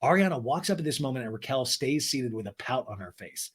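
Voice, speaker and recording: Man, podcast host, comedic recap, sarcastic, swearing, animated pitch. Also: fast talker, slightly rough. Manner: sarcastic, profane.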